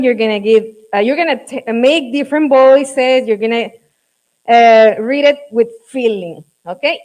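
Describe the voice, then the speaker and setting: A woman with a Mexican accent leading a teacher workshop, speaking slowly and coaxing the group along. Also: sits high, darkish tone, poor audio. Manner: slow, coaxing, checks on the group often. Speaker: teacher trainer. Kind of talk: classroom workshop.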